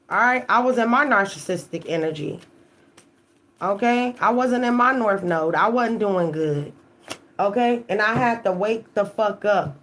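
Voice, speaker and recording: A woman's voice: mid-range voice, fairly bright tone, a little hiss or hum. A woman tarot reader giving an emphatic, profane live-stream monologue, often checking in with "okay?".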